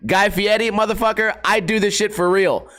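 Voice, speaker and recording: Brief: thirties male vlogger, foul-mouthed, joking, rambling monologue, slightly high voice. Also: fairly even intonation, normal speed, fairly bright tone. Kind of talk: casual rambling monologue to camera. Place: hot house.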